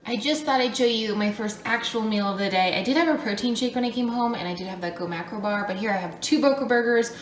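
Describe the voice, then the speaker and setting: A woman's voice: on the high side, a bit bright, a little hiss or hum. A woman talking casually to camera in an upbeat, chatty way, filling her talk with "like", worn out and breathing hard between runs. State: tired and out of breath. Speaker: vlogger. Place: at home indoors.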